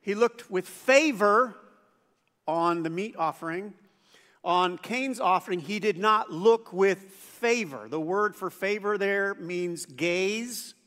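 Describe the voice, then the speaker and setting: High-voiced pastor preaching in a reverberant hall. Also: male voice, a bit bright. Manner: conversational, asks the audience questions, acts out quoted voices. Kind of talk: sermon. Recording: church hall with long reverb.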